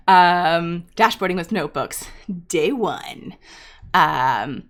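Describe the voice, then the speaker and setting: A woman hosts a data science livestream, teaching off the cuff and talking straight to viewers in chat with many ums and restarts. Her voice is on the low side and animated, and she takes things slowly.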